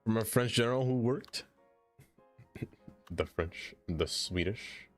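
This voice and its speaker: A man's voice: fairly low pitch, slow pace. A man streaming a city-building game, chatting casually with viewers, laughing often and talking to himself as he builds. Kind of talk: casual live-stream chat while playing a city builder. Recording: faint music behind.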